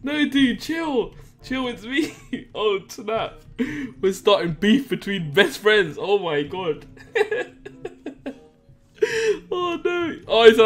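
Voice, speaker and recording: Young male host, high-pitched, excitable and laughing through his commentary, faint music underneath. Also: takes it slowly. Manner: excitable, laughs a lot, giggly commentary on his own prank. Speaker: Minecraft trolling video host. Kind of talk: casual gameplay commentary.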